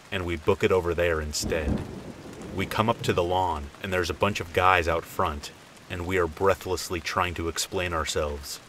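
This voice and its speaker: A man tells a first-person scary story in a relaxed, conversational way. His voice is very low and deep. Faint rain is heard behind him. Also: slight background noise, rough recording. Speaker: horror story narrator.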